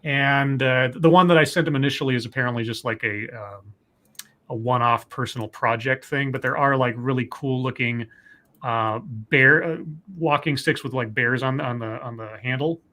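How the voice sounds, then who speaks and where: A man's voice: medium pitch, normal speed, pushed and bright. A man hosting a casual podcast, joking wryly and reading out social media posts. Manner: wry, joking, reads out tweets. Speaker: podcast host. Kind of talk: casual chat.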